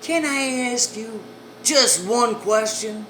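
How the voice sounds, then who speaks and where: A woman's voice: fairly high pitch, slow, fairly bright tone, voice pushed up. A woman voicing a curt, businesslike brothel madam. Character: brusque brothel madam in charge. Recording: echoey room, air-conditioning hum.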